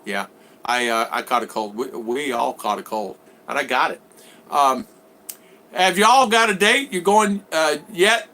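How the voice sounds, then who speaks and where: A middle-aged man from the United States chats through a casual live stream, reading out viewer comments and wandering off with plenty of ums and uhs. His voice is bright and forward, and faint background noise sits under it. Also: mid-range voice, unhurried. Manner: rambling, reads viewer comments aloud, frequent fillers. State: recovering from a cold. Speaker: vlog host. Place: home in the Philippines.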